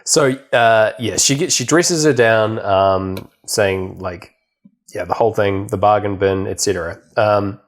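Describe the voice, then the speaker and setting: A man's voice: on the low side, unhurried. A young man co-hosting a podcast, casually recapping a film with lots of fillers and laughter. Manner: rambling, many fillers, laughs often. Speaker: podcast co-host.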